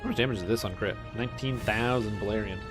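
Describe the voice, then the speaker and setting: A young man streaming a game, chatting casually with his viewers, getting excited and swearing now and then. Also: fairly low pitch. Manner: mimics characters in quick offhand voices. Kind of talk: casual gameplay commentary. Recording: faint music behind.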